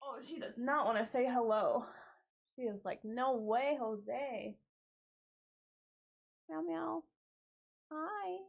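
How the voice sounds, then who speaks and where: A woman's voice: on the high side, a little slow, highs cut off. A young woman streaming a game, chatting casually, tired, talking to her chat and her cat.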